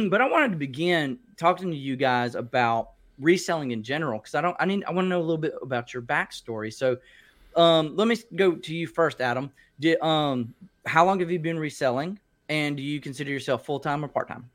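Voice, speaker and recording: Chatty host, higher voice. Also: male voice, lively intonation, a little fast. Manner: chatty, reads out viewer comments. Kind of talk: casual livestream chat.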